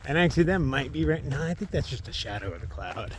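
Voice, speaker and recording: A man of middling pitch talks his way along a wet trail outdoors, chatty and playful, chattering to himself and the animals he passes. The recording is noisy, with open-air ambience and animal sounds behind him. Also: very animated, quick pace. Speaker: solo long-distance hiker. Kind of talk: casual vlog narration while walking.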